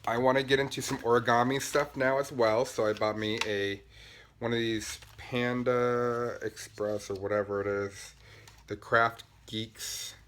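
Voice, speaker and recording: A man with a somewhat low voice talks in a loose, rambling, upbeat way, full of ums and asides. He sounds buzzed on caffeine and talks fast as he shows things off in a casual podcast chat. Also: a bit bright, slight background noise. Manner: chatty, rambling, upbeat, with many fillers. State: buzzing on caffeine, talking fast. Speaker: podcast host. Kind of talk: casual show-and-tell chat.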